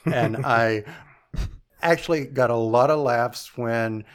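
A man in a casual podcast conversation, sharing anecdotes with a playful, relaxed delivery. His voice sits in an ordinary middle pitch. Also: slow. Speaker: podcast host.

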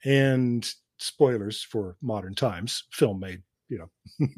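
A man's voice: on the low side, slow pace, a little mellow, husky, dry recording, clean studio sound. A man who teaches cinema, chatting on a podcast and telling film history like a lecturer, laughing between his points. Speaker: podcast co-host; cinema professor. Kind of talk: casual chat.

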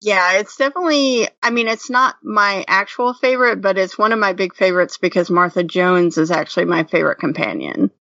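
A woman's voice: mid-range voice, brisk, creaky, hardly any pauses, a bit bright, no room sound. A woman co-hosting a podcast, chatting casually and giving frank opinions with plenty of fillers. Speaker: podcast co-host. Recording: muffled lo-fi, off-mic.

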